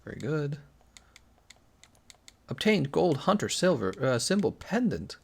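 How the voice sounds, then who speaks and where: Gravelly, animated young male streamer. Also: a little high, unhurried, pauses often. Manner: joking, reads chat aloud, animated. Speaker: gaming live streamer. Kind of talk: casual live stream chat.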